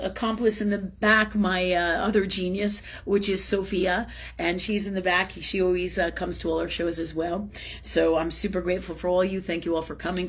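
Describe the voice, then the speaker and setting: A woman hosting a live spiritual talk show, speaking casually and effusively, repeating words for emphasis and swearing now and then. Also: on the low side. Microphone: live-stream setup.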